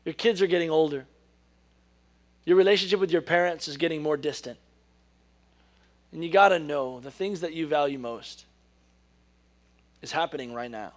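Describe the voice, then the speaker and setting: A man giving a sermon, who reads scripture slowly and then talks casually, laughing at his own corny jokes. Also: on the high side. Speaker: preacher. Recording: podcast recording of a live sermon.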